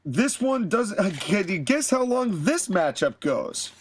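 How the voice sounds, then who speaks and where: High-voiced man narrating a wrestling story. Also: big pitch swings, slow pace, slight background noise. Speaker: podcast host. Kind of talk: fantasy booking narration and chat.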